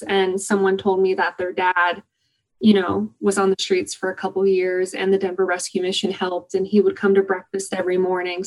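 Woman guest, upbeat, eager storyteller, mid-pitched, everyday conversational read. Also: darkish tone, rough recording. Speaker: guest, company volunteer program organizer. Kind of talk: conversational interview answers.

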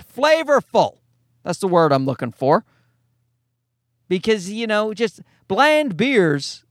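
A young man from Canada rants and rambles, cursing freely and mocking himself as he goes. His voice sits high and swings widely in pitch. He records in a parked car, so the sound is close and dry. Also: a bit bright, no echo. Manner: profane, rambling, self-mocking. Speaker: podcast host. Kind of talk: casual comedic rant.

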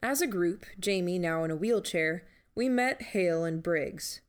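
A woman narrating a first-person novel in a measured, steady reading. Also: on the low side. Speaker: audiobook narrator.

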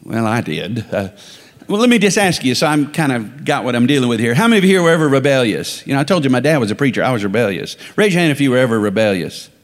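A guest preacher from the Dakotas in the United States delivers an emphatic sermon, calling on the congregation to repeat phrases after him. His medium-pitched voice moves fast with big pitch swings, and the long reverb of a large hall surrounds him.

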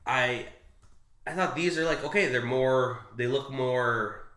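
A man chatting casually about a comic, rambling and halting with fillers and restarts. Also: mid-range voice, sharp tone, roomy sound. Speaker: co-host discussing a comic. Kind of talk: casual chat.

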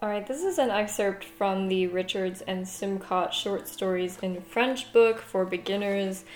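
An American woman hosting a casual language-learning vlog, chatty and laughing often, sometimes reading aloud slowly. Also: medium pitch. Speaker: podcast host. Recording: echoey room.

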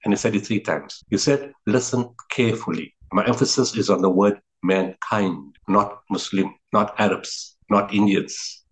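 In a low-quality recording, a middle-aged South African-accented man speaks at normal speed with few pauses in a voice on the low side. He is an interview guest who founded a relief organization, telling reflective stories earnestly while repeating words for emphasis and restarting often.

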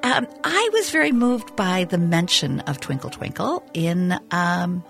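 Bright chatty woman radio host. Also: lowish voice, expressive, unhurried, gravelly, soft background music. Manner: chatty, laughs easily, filler-heavy. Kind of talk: casual radio interview.

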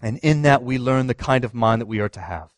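A man's voice: mid-range voice, fairly quick, dry recording. Emphatic man preaching a sermon. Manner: emphatic, asks the congregation questions, swings from loud to hushed. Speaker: pastor.

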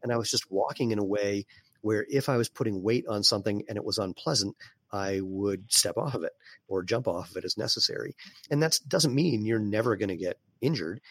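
A man speaking as an interview guest, explaining in a relaxed way with fillers and some throat clearing. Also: lowish voice, brisk, no echo. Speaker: guest, barefoot sandal maker. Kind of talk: casual conversational interview.

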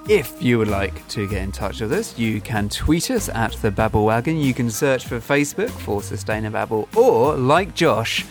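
A man's voice: mid-range voice, sing-song, moderate pace, few pauses. Podcast guy, sarcastic and fed up, voice goes all over the place, bit of music behind. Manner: sarcastic, exasperated. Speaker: podcast co-host. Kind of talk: casual chat.

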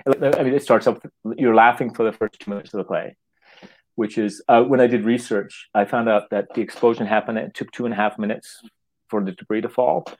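Fields: Sex: man. Role: playwright. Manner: halting, with restarts. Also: lowish voice, fairly even intonation, a little mellow, low-quality recording. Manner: halting, restarts words, acts out quotes. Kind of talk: casual interview talk.

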